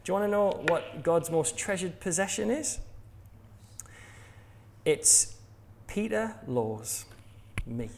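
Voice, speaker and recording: An English man gives a sermon in a relaxed, conversational style, with a voice pitched a touch above average. He keeps it light, joking with the congregation and laughing at his own lines. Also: measured pace, pauses often. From England. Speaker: preacher.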